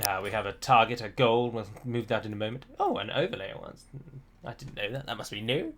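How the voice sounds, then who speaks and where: A man's voice: fairly low pitch, big pitch swings, fairly quick, fairly bright tone. A man from Britain, hosting a let's-play and chatting in a rambling way with lots of asides. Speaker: gaming channel host. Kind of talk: casual let's-play commentary.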